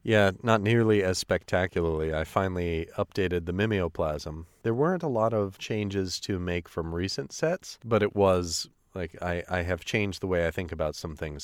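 A man co-hosting a podcast in casual chat, animated and quick to laugh. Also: low voice, dry recording, studio quality. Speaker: podcast co-host. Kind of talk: casual chat about card and video games.

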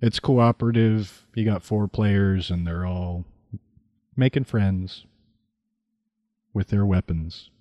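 A man with a low voice co-hosting a casual podcast, dry and matter-of-fact in his delivery. The recording is close and dead, with no echo. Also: slow pace, pauses often, highs cut off. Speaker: podcast co-host. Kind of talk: casual chat about card and video games.

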